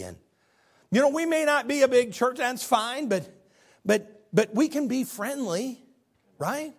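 A male pastor delivering a sermon in a high voice that swoops up and down with energy. He tells stories with frequent stammered restarts. His pitch lifts when he gets excited and sinks low and soft on the serious points. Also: a little slow, vocal fry, husky. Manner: animated storytelling with stammered restarts.

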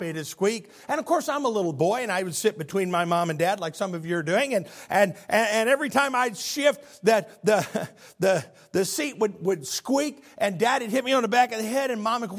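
A male pastor delivering a sermon in a high voice that swoops up and down with energy. He tells stories with frequent stammered restarts. His pitch lifts when he gets excited and sinks low and soft on the serious points. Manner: animated storytelling with stammered restarts.

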